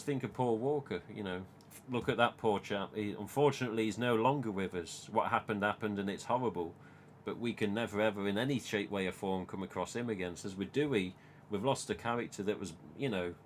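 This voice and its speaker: A man's voice: lowish voice, a little hiss or hum. Swearing English man in his forties. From England. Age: 40s. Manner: animated, swears a lot, quotes himself. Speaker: host. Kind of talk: casual live-stream chat.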